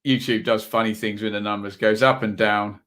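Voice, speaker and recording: A man's voice: fairly low pitch, steady tone, moderate pace, a bit bright. A young man hosting a live football watch-along, chatting casually and rambling between match commentary. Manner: chatty, rambling, self-deprecating.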